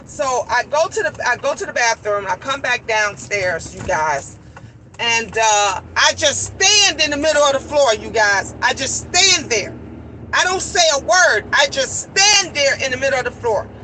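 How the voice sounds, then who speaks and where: High, bright-voiced woman telling a story. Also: a little hiss or hum, poor audio. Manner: emphatic, blunt, swears freely. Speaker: live-stream host. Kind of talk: casual storytelling vlog.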